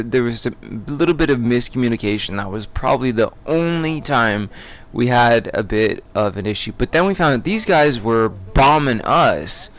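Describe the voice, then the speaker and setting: A young man hosting a gaming channel, talking casually over his gameplay in a chatty, rambling way. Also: mid-range voice.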